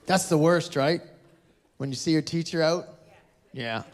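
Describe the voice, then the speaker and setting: A man's voice: a little high, unhurried, noisy background. A man doing stand-up comedy with crowd work, blunt and teasing, from Canada with a Canadian accent. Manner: sarcastic, blunt, teasing the audience. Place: large live venue with audience laughter.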